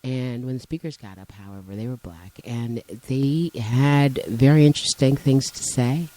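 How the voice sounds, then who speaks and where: A woman's voice: extremely low pitch, normal speed, dark tone, rough recording. A woman co-hosting a casual chat, teasing her partner and lecturing him on words and definitions. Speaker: co-host.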